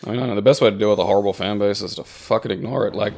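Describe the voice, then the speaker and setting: A man's voice: on the low side, steady tone, racing, creaky, a little mellow. A man chatting casually over gameplay, rambling with lots of filler words and swearing freely. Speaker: co-host.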